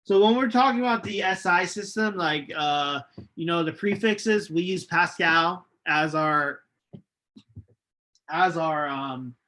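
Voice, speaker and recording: A male chemistry lecturer giving a recorded online lecture, unhurried and hesitant, with many ums and restarts. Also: a little high, bright, forceful tone. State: losing his voice, coughing.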